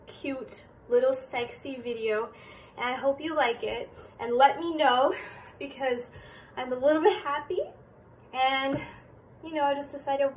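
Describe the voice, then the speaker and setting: Chatty woman vlogger with a high voice, encouraging tone, distant mic in an echoey room. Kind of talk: casual dance tutorial. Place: indoor room.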